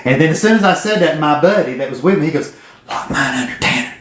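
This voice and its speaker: A man's voice: fairly high pitch, expressive, fast, a little hiss or hum. A man, telling a folksy, profane story to camera. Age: 40s. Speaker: vlogger telling his business story. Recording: echoey room.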